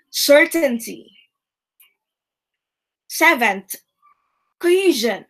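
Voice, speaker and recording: Woman teacher, high voice, unhurried and emphatic, repeats key terms for students. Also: fairly bright tone, rough recording. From Philippines. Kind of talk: recorded classroom lesson.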